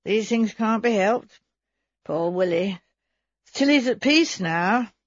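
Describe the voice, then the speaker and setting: A woman's voice: medium pitch, animated, takes it slowly, no room sound, highs cut off. A woman narrator voicing a stout, florid middle-aged man who is falsely hearty and pushy, read for an audiobook.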